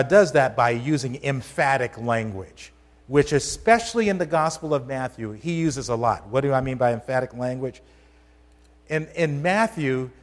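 A man preaching a sermon to a congregation in a conversational, emphatic way, often asking them questions. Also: medium pitch. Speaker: pastor. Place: church sanctuary. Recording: long hall reverb.

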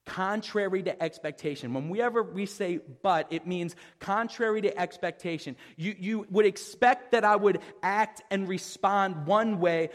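High-voiced man preaching in a reverberant hall. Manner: conversational, with frequent restarts and "like". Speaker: pastor. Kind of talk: sermon.

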